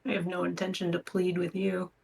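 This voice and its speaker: A woman's voice: lowish voice, monotone, brisk, creaky, recorded from a distance. A woman playing in a tabletop game, giving cool, guarded replies in character. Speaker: player.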